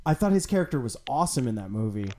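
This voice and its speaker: A man chatting casually as a podcast co-host, animated, swearing freely and acting out quotes. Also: mid-range voice, racing, a crowd in the background. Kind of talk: casual chat.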